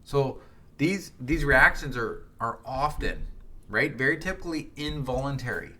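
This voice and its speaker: A man's voice: medium pitch, lively intonation, unhurried, bright, forceful tone. A middle-aged man hosting a solo podcast, speaking in a conversational, reflective way with frequent restarts and tag questions. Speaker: podcast host.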